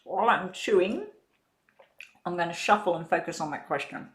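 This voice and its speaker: A woman giving a live-stream tarot reading, talking in a relaxed, rambling way as she eats and sets out cards. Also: fairly low pitch, normal speed. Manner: relaxed, rambling, chats while eating. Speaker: tarot reader.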